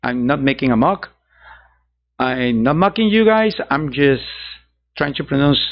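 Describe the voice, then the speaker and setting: Man, art channel host, casual chat, somewhat high voice, rambling, chuckling asides, muffled lo-fi sound. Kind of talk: casual talk to viewers. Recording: dull lo-fi sound.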